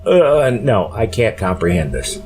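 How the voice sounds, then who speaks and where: A weary man with a low voice hosts a solo podcast, rambling casually and stopping often for fillers. He sounds plainly tired, and faint music runs in the background. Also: sing-song, darkish tone. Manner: rambling, slow, full of fillers. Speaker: podcast host.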